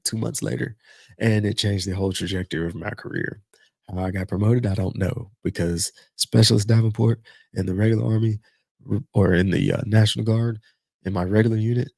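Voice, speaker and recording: A middle-aged podcast host with a lowish, slightly rough voice and vocal fry tells a long military story, heard in a dry recording. His retelling is casual, profane and animated, and he acts out the voices of the people involved.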